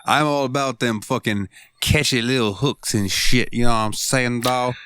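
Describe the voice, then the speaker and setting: A man's voice: mid-range voice, fairly even intonation, normal speed, sharp tone, slight background noise. A man in his thirties co-hosting a podcast, talking crude, profane, jokey banter full of slang. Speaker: podcast co-host.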